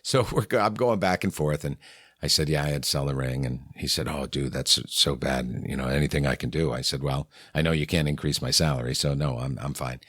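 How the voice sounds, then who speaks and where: A man's voice: extremely low pitch, fairly quick, fairly bright tone, breathy edge, no echo, studio quality. A middle-aged man from New England, a radio morning host, telling candid anecdotes in a conversation and acting out the exchanges he quotes. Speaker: radio morning show host, podcast guest.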